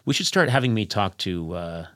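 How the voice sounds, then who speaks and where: A man's voice: lowish voice, sing-song, moderate pace, fairly bright tone. A man hosting a comedy podcast, chatting playfully and drifting into silly bits. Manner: playful, jumps into silly voices. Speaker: podcast host. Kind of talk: casual comedic chat.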